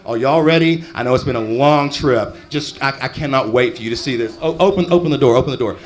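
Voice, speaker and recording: A man's voice: mid-range voice, quick pace, natural voice. A man voicing an eager male alien tour guide who gushes to his passengers.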